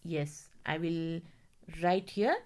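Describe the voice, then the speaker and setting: A woman's voice: on the low side, slow, darkish tone, clear, resonant tone. A woman teacher, explaining step by step, spelling words out letter by letter and often checking whether the class follows. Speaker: English teacher. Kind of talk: classroom grammar lesson.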